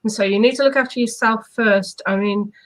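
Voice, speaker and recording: A woman's voice: fairly high pitch, fairly quick, low-quality recording. A woman co-hosting a live online chat, a hypnotherapist who coaches earnestly and asks rhetorical questions. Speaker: hypnotherapist co-host. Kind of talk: casual live-stream chat.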